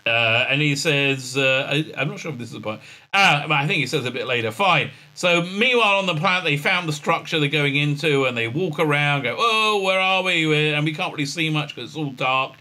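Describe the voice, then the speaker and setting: A man ranting through a show recap, sarcastic and exasperated, stumbling over filler sounds. His voice sits a bit high and sounds intensely bright and sharp. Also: a little fast. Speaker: show reviewer.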